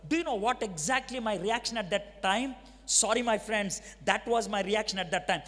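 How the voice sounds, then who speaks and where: Middle aged indian preacher, telugu accent, really high voice, acts out the dialogue, big echoey hall. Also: male voice, fast talker, fairly bright tone. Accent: Telugu-accented Indian English. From Andhra Pradesh, India. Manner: storytelling, acts out dialogue, asks the audience questions. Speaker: preacher giving his testimony. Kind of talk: dramatic testimony sermon. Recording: long reverb of a large hall.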